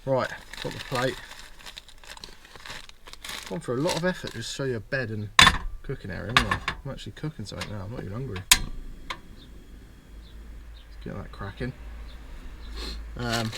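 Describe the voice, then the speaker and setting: A man's voice: mid-range voice, lively intonation, normal speed, creaky, long pauses, very noisy. A man giving a casual, self-mocking walkthrough of his campervan bed and cooking setup, chatting as he works. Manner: chatty, self-mocking, talks while doing tasks. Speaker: van owner showing his setup. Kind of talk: casual demo chat. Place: inside a parked campervan at home.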